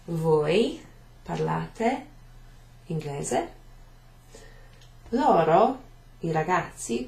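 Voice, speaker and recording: With a lowish, gravelly, dark-toned voice, a British woman leads a beginners' language class at the whiteboard, explaining each step with fillers. The lesson takes place in a classroom at a venue, and the room sounds echoey.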